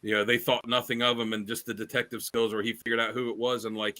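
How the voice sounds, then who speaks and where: Guy on a podcast, bright forceful voice, rambly chat, lots of ums. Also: mid-range voice, level tone, fast talker, hardly any pauses. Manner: rambling storyteller with many fillers and restarts. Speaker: podcast co-host. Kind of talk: casual chat.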